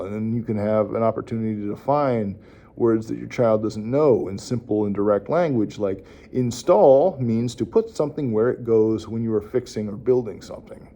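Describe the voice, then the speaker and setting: A man, a speech therapist, giving parents casual tips in a relaxed, rambling way with many fillers. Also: on the low side, moderate pace. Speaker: speech-language pathologist. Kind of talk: casual instructional talk to parents.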